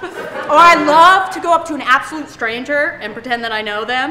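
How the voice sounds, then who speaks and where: A woman doing a stand-up comedy set on a club stage in an animated, self-mocking way, acting out scenes. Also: fairly high pitch, brisk. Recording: echoey club room, faint hum.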